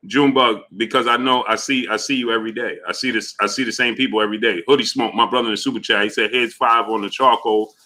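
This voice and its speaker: A man's voice: medium pitch, fairly even intonation, fast talker, few pauses. A man hosting a live boxing talk stream. He greets viewers one by one in a loose, casual, slangy way. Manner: loose, repetitive shout-outs in a friendly drawl, slips into slang.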